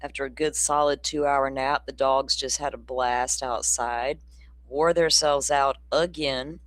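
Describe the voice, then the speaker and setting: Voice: mid-range voice, steady tone, unhurried, fairly bright tone, no echo. Rambling livestream host, dry sound. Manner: rambling, chatty, reads out chat comments; loose and informal, with a casual swear. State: hiccups. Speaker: true-crime livestream host. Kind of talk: casual livestream chat.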